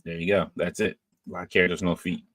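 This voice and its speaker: A man with a low voice hosts a podcast, reading viewer comments aloud and chatting back in a loose, rambling way. He fills gaps with ums and restarts his sentences. The sound is dry and close, with no room echo. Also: quick pace. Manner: relaxed, rambling, many fillers and restarts. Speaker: podcast host reading live chat. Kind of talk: casual livestream chat.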